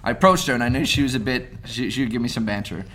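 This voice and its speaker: A man's voice: mid-range voice, fast talker, fairly bright tone, a little hiss or hum. A man who works as a stage mind reader, telling stories in casual podcast chat, with many restarts. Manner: chatty storyteller, many restarts.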